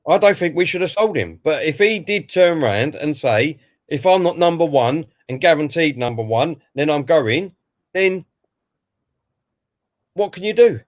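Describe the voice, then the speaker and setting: A man's voice: on the high side, lively intonation, moderate pace. A man co-hosting a football watch-along stream, giving live commentary and reading out viewer comments before giving his own view. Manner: chatty, reads out chat messages and then gives his view.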